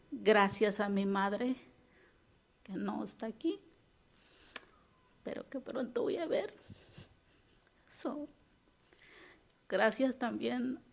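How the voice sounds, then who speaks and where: A woman's voice: on the high side, creaky. A woman giving a heartfelt, grateful thank-you speech at her graduation.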